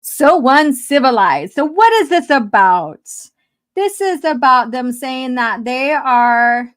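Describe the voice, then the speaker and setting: A woman's voice: sits high, lively intonation, slow pace, a bit bright. A woman hosting a casual live stream, laughing often as she reads chat messages aloud. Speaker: host.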